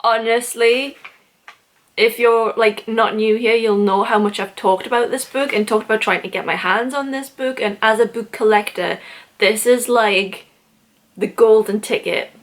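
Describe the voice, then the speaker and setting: A young woman, chatting casually in a vlog, gushing and excitable with lots of "like" fillers. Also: a little high, moderate pace. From United Kingdom. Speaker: book vlogger.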